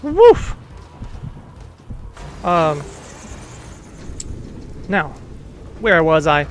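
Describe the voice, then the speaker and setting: High-voiced excitable gaming host. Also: male voice, moderate pace, slight background noise. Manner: excitable, cursing, hooting reactions. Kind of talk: casual let's play commentary.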